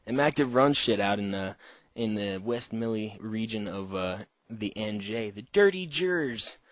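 A man's voice: fairly low pitch, dry recording. Male call-in host, loose and profane, rambles and laughs at his own jokes, dry close sound. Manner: rambling, heavy swearing, frequent laughter. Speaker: radio show host. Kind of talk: casual profane monologue.

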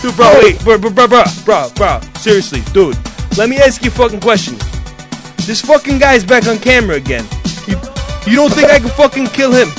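A man's voice: very high voice, big pitch swings, a little fast, over music. A man putting on a crude, boastful young New bro with a sing-song, swearing delivery on a radio show.

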